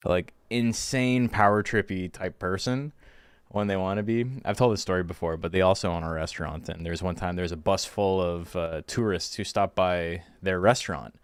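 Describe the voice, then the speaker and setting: A man's voice: sits low, steady tone, normal speed, clear, resonant tone, no echo. A young man, a streamer chatting casually and telling rambling stories, swearing freely. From Canada. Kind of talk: casual stream chat and storytelling.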